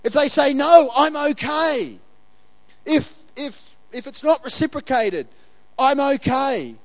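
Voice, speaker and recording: A male pastor delivers a sermon in a very high voice, talking casually and animatedly and laughing often. He acts out the quoted lines as he goes. The sound is dry and close. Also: expressive, slow, no room sound.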